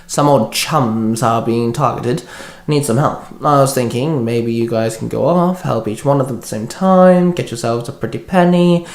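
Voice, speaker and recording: A man's voice: medium pitch, moderate pace, close to an everyday voice. A man voicing a cheerful, cigar-smoking crime boss in a storybook, chummy and pleased with his hired hunters. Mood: gleeful. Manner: gleeful, chummy. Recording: echoey room.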